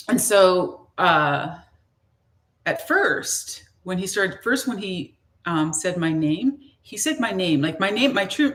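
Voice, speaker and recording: A woman's voice: fairly low pitch, a bit bright. A woman who is a spiritual teacher tells a personal story in a casual, rambling way, full of restarts and fillers.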